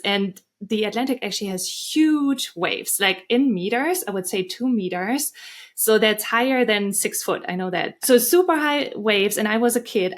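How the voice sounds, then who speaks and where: A woman with a German accent, a guest author earnestly telling stories in an interview. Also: medium pitch. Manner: earnest, storytelling, some restarts. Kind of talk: interview answers.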